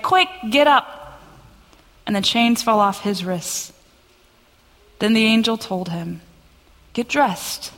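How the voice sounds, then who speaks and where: A woman pastor giving a sermon and reading scripture aloud in an earnest, steady voice, in a church sanctuary. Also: on the high side. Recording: long church reverb.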